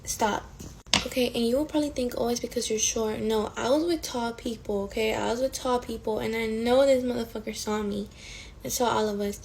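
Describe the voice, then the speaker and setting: A woman in her twenties telling a storytime in a casual, animated way, swearing often and full of fillers. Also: fairly high pitch, brisk, gravelly, slight background noise, rough recording. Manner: profane, animated, frequent fillers.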